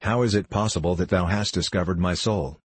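A man voicing an anguished young man, restless and ashamed, in old-fashioned storybook speech. The voice is low and husky. It sounds close and dry. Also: steady tone, fairly quick, dry recording.

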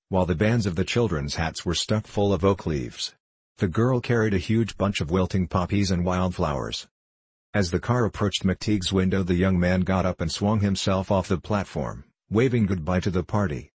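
Deep-voiced man reading a novel aloud. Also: moderate pace, a little mellow, slightly rough, dry recording. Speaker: audiobook reader. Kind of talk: scripted narration of a novel.

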